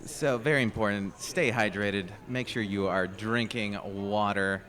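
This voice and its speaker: A man's voice: on the low side, fairly even intonation, measured pace, fairly bright tone. A young man announcing a street parade outdoors on a radio feed, upbeat and chatty with a joking manner. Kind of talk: live event commentary.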